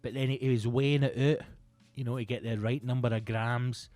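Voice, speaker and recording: A Scottish comedian in his thirties hosting a podcast, rambling through a casual comic monologue that is full of swearing and breaks into loud outbursts. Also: medium pitch, fairly quick, dry recording, faint music behind. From Scotland. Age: 30s. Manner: sweary, rambling, animated bursts into loud exclamations.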